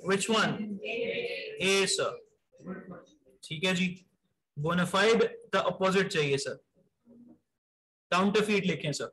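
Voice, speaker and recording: High-voiced man quizzing vocabulary. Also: pushed and bright, poor audio. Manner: brisk, mixes Urdu into English, calls students "sir". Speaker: vocabulary teacher. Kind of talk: live online class, quizzing students.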